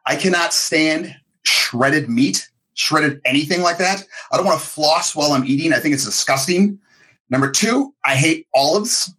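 A middle-aged man with a husky, slightly breathy voice that sits a little higher than most men's. He tells his story in an animated, self-mocking way and acts out the quotes as he goes. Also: normal speed. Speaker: podcast co-host. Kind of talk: casual storytelling chat.

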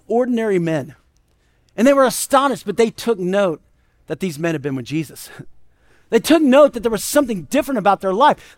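A male pastor preaching a conversational sermon, telling stories and often asking "right?". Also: high voice. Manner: conversational, animated storytelling with frequent "right?".

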